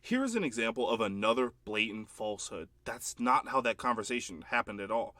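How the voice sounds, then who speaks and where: A man hosting his own commentary video, calmly and pointedly debunking another creator's claims. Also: on the low side, a little fast, no echo. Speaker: channel host and editor. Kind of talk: commentary rebuttal. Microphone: phone recording.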